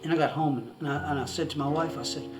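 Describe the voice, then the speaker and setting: Man, high voice, rambling testimony, repeats and restarts words, chuckles, seated at home in front of a camera, soft music behind. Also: steady tone, fast talker. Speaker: person giving a religious testimony. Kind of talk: casual storytelling to camera. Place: indoors at home in the countryside. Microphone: camera in front of a seated speaker.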